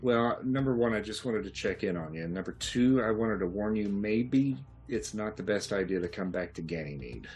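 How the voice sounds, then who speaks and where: A man's voice: fairly low pitch, lively intonation, moderate pace, few pauses, darkish tone, faint music behind. A man voicing a concerned male ally who calls to warn the party, speaking in an earnest way.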